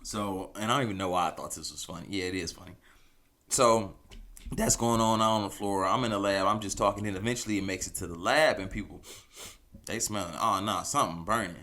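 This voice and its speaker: A man's voice: on the low side, a little fast. A man hosting a podcast, telling a story casually and animatedly, often chuckling as he goes. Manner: animated, chuckling, loose conversational delivery. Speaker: podcast host.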